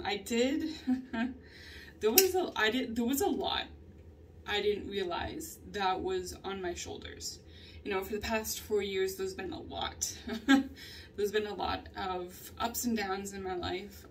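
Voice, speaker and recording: A woman's voice: medium pitch, recorded from a distance, a little hiss or hum. Candid rambling woman vlogger. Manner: candid, rambling, laughs often. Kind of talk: personal journal vlog.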